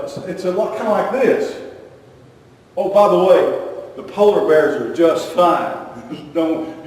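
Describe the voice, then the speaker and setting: A man's voice: high-pitched, darkish tone, slight background noise. A male pastor preaching a sermon in a folksy, rambling way, repeating his phrases and chuckling between points. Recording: echoey hall, mic far off.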